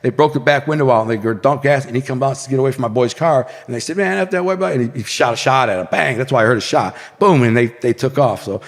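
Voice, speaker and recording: A man's voice: mid-range voice, big-room sound. Intense man telling a violent story. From Detroit area. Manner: intense, fast-moving, says bro and man a lot. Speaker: podcast guest telling his story. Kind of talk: animated storytelling.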